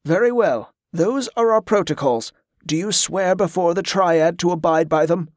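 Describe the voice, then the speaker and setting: A stately monk gatekeeper, as a male reader puts him on, reciting rules in a measured, ceremonious manner. The voice sits a little high and sounds close and dry, with no room around it. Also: dry recording, close to an everyday voice. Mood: formal.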